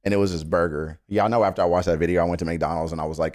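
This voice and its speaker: A man's voice: deep voice, little pitch movement, racing, a little mellow, no echo, studio quality. A man hosting a music reaction live stream, talking earnestly to his chat, rambling with stammered restarts and casual swearing.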